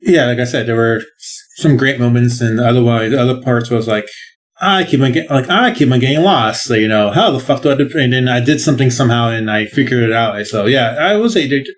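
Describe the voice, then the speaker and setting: A man with a middle-pitched voice chats about a video game on a podcast. He rambles, restarts his sentences, and swears casually. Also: fairly quick. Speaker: podcast co-host. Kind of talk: casual game review chat.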